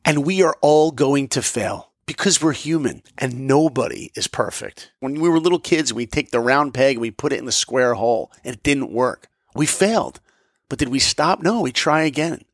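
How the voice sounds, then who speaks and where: Guy telling a story, gravelly, super lively pitch, dry close sound. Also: moderate pace, dry recording. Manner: animated, acts out dialogue. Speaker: motivational podcast speaker. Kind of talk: personal storytelling talk.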